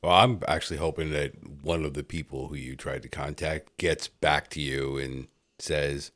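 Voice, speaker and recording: A man co-hosting a podcast, making dry, deadpan remarks in casual chat. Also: a bass voice, normal speed, few pauses, dry recording. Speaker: podcast co-host.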